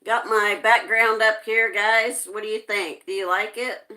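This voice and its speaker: At an unhurried pace, a woman hosts a live stream and reads her viewers' chat messages aloud, greeting every newcomer by name. Her mid-range voice sounds bright and forward, and her tone stays steady.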